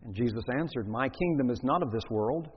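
A man with a slightly husky voice preaches a sermon, reading scripture aloud before expounding on it with deliberate emphasis. The recording is dull and lo-fi, with long reverb from a large hall. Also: mid-range voice, lively intonation.

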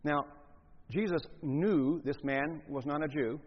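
Animated preacher man in a reverberant hall. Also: measured pace, breathy edge. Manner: animated, acts out scenes with big swings in pitch and volume. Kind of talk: sermon. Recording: long hall reverb, muffled lo-fi sound.

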